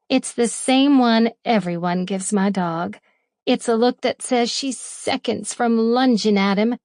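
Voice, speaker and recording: A woman reading a first-person romance audiobook in a playful manner, lingering over the words with breathy asides. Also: a little high, darkish tone, no echo, clean studio sound. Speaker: audiobook narrator.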